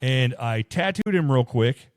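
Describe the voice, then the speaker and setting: A man's voice: medium pitch, expressive, measured pace, dry recording, clean studio sound. A man co-hosting a podcast in casual chat, swearing a lot and acting out quotes as he tells stories. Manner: profane storyteller, acts out quotes. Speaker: podcast co-host.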